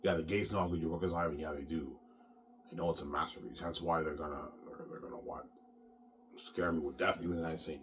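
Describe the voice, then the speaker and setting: A man with a very deep, low-pitched voice delivers a rambling monologue. He trips over repeated words, restarting again and again, and swears freely as he goes. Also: steady tone, fast, noisy background. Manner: repetitive, stammering, profane.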